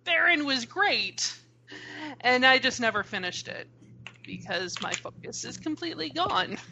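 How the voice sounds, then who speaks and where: A woman's voice: sits high, expressive, a little slow, noisy background. A woman co-hosting a podcast, chatting casually with a wry, exasperated tone. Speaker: podcast co-host. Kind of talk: casual chat.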